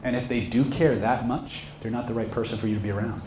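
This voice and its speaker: Talking fast in a mid-range voice, a man leads a live seminar and brings his stories to life by playing the characters, shouting when they shout. Echo and faint noise fill the room.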